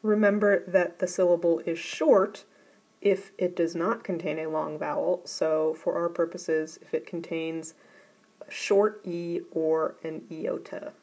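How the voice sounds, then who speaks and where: A woman teaching a recorded grammar lesson, talking slowly and deliberately as she spells out each rule. Her voice sits a little low for a woman. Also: fairly even intonation, darkish tone, poor audio. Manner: slow, careful and deliberate explanation.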